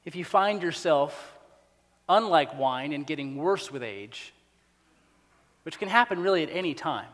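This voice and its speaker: A male pastor with a notably high voice delivers a sermon, swinging from hushed, intimate asides to loud, stacked exhortations. His words ring out with a long reverb from a large church hall. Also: animated, a little slow, long pauses.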